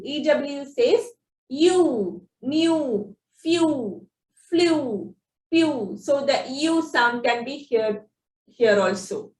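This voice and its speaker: A woman teaching phonics, explaining spelling rules slowly and sounding out example words one by one. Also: high voice. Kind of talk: slow instructional explanation. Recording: echoey room, distant from the mic.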